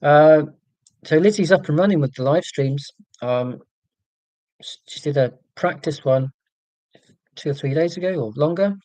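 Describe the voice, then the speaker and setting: A man's voice: fairly high pitch, a little slow, pauses often, dark tone, no echo. A man from Scotland hosting a casual livestream, chatting to viewers in a rambling way with many ums and restarts. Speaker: livestream host.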